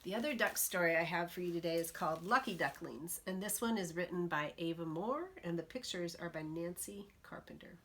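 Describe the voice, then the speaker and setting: A woman librarian reading a picture book aloud to preschoolers, slow and expressive, pausing to ask the children questions. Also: lowish voice, slight background noise.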